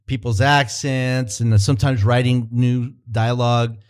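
A man's voice: medium pitch, level tone, unhurried. A man who works as a cultural consultant and consulting producer, talking in a casual podcast interview and telling long stories with frequent restarts and fillers. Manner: rambling storyteller with frequent restarts.

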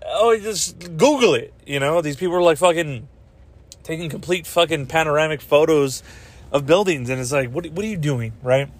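A young man hosting a podcast, ranting casually in a rambling, profane, animated way. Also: a little high, normal speed. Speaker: podcast host.

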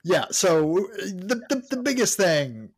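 Animated man hosting a podcast. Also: high-pitched, slow pace, breathy edge, dry recording, studio quality. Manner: laughing, rambling, restarts. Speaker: podcast host, book reader. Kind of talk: casual chat.

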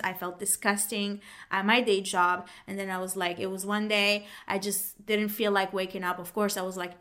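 A woman's voice: mid-range voice, fairly bright tone. A woman whose first language is French, telling her personal story candidly and acting out her past thoughts. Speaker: podcast host.

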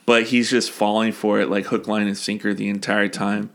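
A man's voice: fairly low pitch, flat delivery, moderate pace, a bit bright. A man casually recapping a movie on a podcast, rambling and swearing, often acting out lines from scenes. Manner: rambling, profane, acts out quotes in silly voices. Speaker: podcast co-host.

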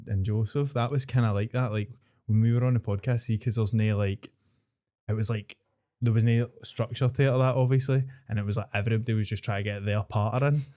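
A man's voice: on the low side, steady tone, fairly quick, mellow. A man, a podcast co-host in casual, sweary chat, telling stories and laughing often.

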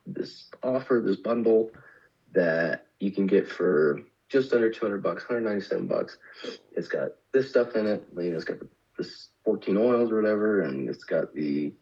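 A man's voice: fairly low pitch, slightly rough, muffled recording. A man co-hosting a business podcast, telling a story in a casual chat and acting out the quoted lines. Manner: animated storytelling, acts out quotes. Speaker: podcast co-host.

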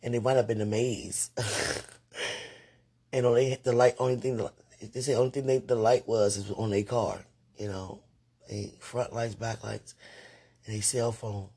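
A woman with a deeply husky, breathy voice talks casually to her viewers about faith. She sounds sleepy and often drops into whispered asides, then perks up in brief animated bursts. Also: moderate pace, pauses often. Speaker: online talk host.

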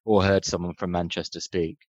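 A man's voice: deep voice, level tone, fairly quick, darkish tone, no room sound, lo-fi sound. A man co-hosting a podcast in casual chat, making wry, sarcastic asides. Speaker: podcast co-host.

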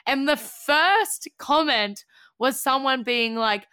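Bright-voiced Australian woman, gushing. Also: high voice, animated, slow pace, clean tone. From Gold Coast, Australia. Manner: gushing, emotional, swears freely, laughs often. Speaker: musician guest. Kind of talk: casual podcast chat.

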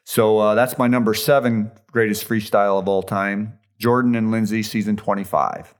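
A man's voice: fairly low pitch, steady tone, normal speed. A man hosting a podcast, giving a casual, enthusiastic fan recap with chatty fillers. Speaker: podcast host recapping a dance show.

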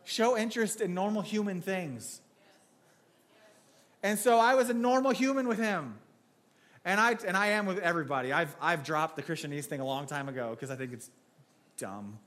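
A man gives a laid-back sermon in church, talking like he's swapping stories with friends. His voice sits a little high for a man, and he jokes and restarts phrases as he goes. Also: expressive, a little slow, long pauses, a bit bright. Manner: joking, storytelling, frequent restarts. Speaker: preacher. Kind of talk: casual conversational sermon.

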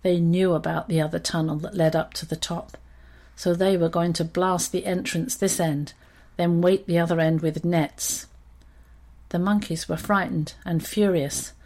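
Lower-voiced woman reading a children's story. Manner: expressive, steady storytelling.

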